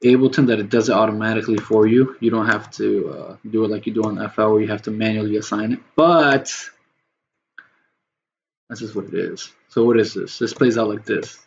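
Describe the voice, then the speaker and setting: Brisk and creaky, this low-pitched man keeps a steady tone while streaming himself making music. He talks to chat viewers in a loose, rambling, somewhat profane way, over slightly dull lo-fi audio carrying faint noise.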